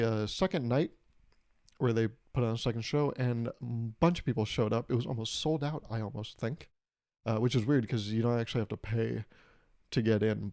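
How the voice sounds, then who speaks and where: A man's voice: mid-range voice, dark tone. A young man hosting a casual solo podcast, rambling through a story and laughing at his own jokes. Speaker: podcast host.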